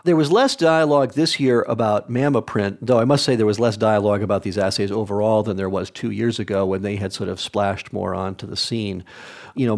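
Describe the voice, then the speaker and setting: Measured oncologist, low voice. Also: male voice. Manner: measured, technical, explains carefully. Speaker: oncologist guest. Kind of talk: expert interview answers.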